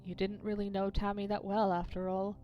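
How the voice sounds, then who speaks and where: A woman streamer reads a narrative game aloud in a flat, medium-pitched voice, speaking fairly quickly and tossing wry, swearing asides to her chat. Game music plays behind her, and the audio sounds dull.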